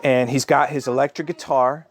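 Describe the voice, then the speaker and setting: A man's voice: medium pitch, steady tone, normal speed. A man, a father, telling an improvised story to his child in a chatty, rambling way with many fillers. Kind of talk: improvised bedtime-style storytelling.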